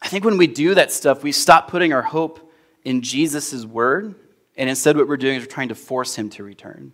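A young adult man preaching a sermon as pastor, in a conversational storytelling manner that grows animated in anecdotes. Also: medium pitch, normal speed.

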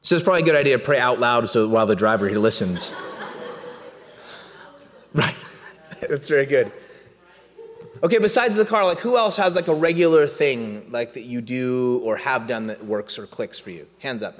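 A man giving a relaxed, conversational sermon, mixing a funny family story with questions to the crowd. His voice sits in a middling range. It carries a long reverb from the hall around him. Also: medium pitch, moderate pace, long pauses. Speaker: pastor. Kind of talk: sermon with audience interaction.

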